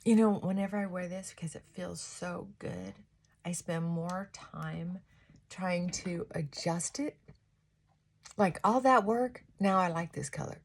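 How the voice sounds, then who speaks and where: Husky woman rambling while doing makeup. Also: lowish voice, a little slow. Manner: rambling, reflective, trailing off. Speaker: vlogger.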